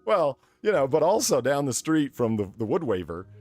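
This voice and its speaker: A man hosts a comedy news chat, reading the stories in a mock-formal tone. He keeps breaking into giggles and tripping over words, with a lively, swooping delivery. Faint music plays behind him. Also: mid-range voice, normal speed, no echo. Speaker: podcast co-host.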